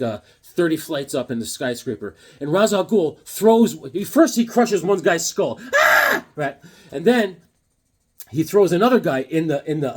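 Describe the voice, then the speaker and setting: A man in his fifties runs a casual comic review vlog, rambling and joking about comic books with lots of filler words. His voice is a little high and a little mellow.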